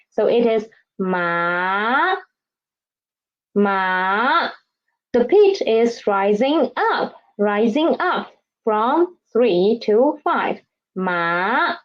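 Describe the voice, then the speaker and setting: Slow, patient woman teaching pinyin. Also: fairly high pitch, highs cut off. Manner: slow, patient, demonstrates each sound and asks students to repeat. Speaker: Chinese teacher. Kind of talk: pinyin lesson for beginners.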